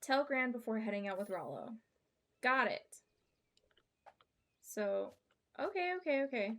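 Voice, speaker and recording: A woman's voice: a little high, very animated, measured pace, a bit bright. A young woman thinking aloud and chatting while playing a video game on stream. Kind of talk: let's play commentary.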